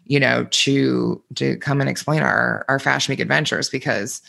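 A man co-hosting a podcast in casual chat, telling stories with animated energy, acting out quoted voices and swearing freely. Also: medium pitch, moderate pace, creaky. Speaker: podcast co-host.

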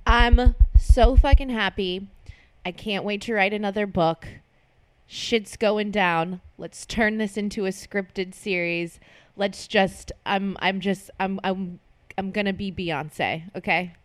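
A woman's voice: medium pitch, fairly even intonation, slow pace, a bit bright, no room sound. A bubbly woman in her thirties hosts a podcast from her apartment, chatting casually, laughing often and swearing freely. Her voice sits in a middle range and is recorded close and dry. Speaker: podcast host. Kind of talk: casual chat.

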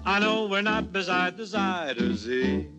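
A playful movie duet. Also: male voice, sits high, lively intonation, a little slow. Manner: smooth crooning with a mock accent. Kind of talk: 1950s movie musical singing. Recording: dull old film soundtrack, loud music.

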